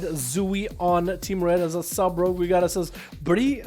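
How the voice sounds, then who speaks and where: A high-voiced male streamer hosts arena duels, offering casual livestream chat and quick, excited play-by-play. He's playful and self-mocking, with faint music in the background.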